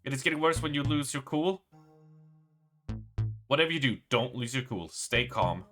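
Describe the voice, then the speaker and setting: A bright, forceful male streamer playing through a horror game live, reading the on-screen text aloud between outbursts. His delivery is excitable and loose, swearing and exclaiming as things go wrong, with faint game music under him. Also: mid-range voice, moderate pace.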